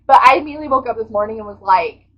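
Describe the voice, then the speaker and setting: A fairly high-voiced woman gushes over her favourite books in a casual vlog recap. Her talk is dramatic and full of swearing, and the audio is a little dull and lo-fi. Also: expressive, very fast. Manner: gushing, dramatic, swears freely. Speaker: book vlogger.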